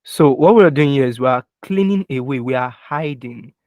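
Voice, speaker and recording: Leading a live online software lesson, a young design instructor walks through each keyboard shortcut in turn and keeps pausing to ask if students can follow. His mid-range voice is expressive at a moderate pace, recorded dry, close and dull on a computer mic, with keyboard taps and soft background music underneath.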